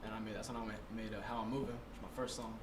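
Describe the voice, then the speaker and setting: A man's voice: lowish voice, level tone, rapid-fire, background noise. A young man, a guest rapper on a podcast, telling stories in laid-back slang with lots of swearing. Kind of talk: casual chat.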